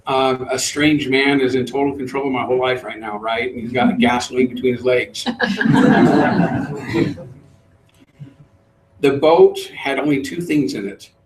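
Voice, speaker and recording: A middle-aged man, a trainer, telling a lively story to a live group and acting out the voices. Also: mid-range voice, measured pace, pauses often, a little hiss or hum. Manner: animated storyteller, acts out voices. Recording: roomy, distant mic.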